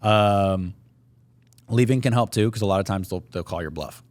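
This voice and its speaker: A man's voice: fairly low pitch, moderate pace, a little mellow, no echo. A man co-hosting a podcast, explaining in casual, matter-of-fact chat with some swearing. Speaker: podcast co-host.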